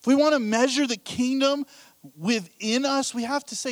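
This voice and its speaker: A man's voice: very high voice, moderate pace, no echo. A middle-aged man preaching a sermon as pastor, telling candid, self-deprecating stories with a laugh.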